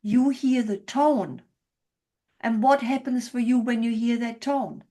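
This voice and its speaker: A woman couples therapist demonstrating a session to a group, speaking gently and checking in often to validate what she hears. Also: a little high, steady tone, slow pace.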